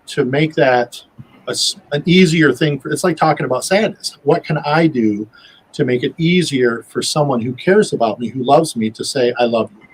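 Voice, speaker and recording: A man with a slightly husky voice, talking as a guest in a loose, folksy way. He rambles and restarts often, sprinkling his talk with fillers. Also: mid-range voice, poor audio. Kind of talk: casual chat.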